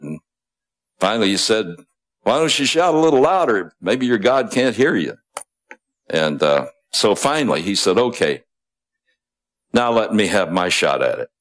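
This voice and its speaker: A man's voice: low voice, fairly bright tone. A man preaching a sermon, retelling a story in a conversational way with asides and small chuckles.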